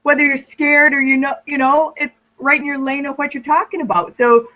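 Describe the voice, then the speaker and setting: Woman podcast host, fairly high voice, affirming tone, dull lo-fi remote sound. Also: a little fast. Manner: encouraging, affirming with "right?" and "you know". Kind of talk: casual podcast chat.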